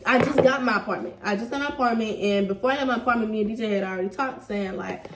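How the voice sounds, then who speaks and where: A young woman in her twenties tells a story in casual slang, lively and quick to laugh. She sits a little back from the mic, and the room gives her voice a roomy echo. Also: on the high side, far from the mic. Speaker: vlogger telling a couple's story.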